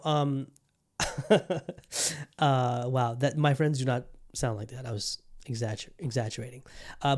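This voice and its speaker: A man's voice: mid-range voice, a little mellow. A man in his thirties hosting a podcast in candid, profane, rambling casual chat. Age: 30s. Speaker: podcast host.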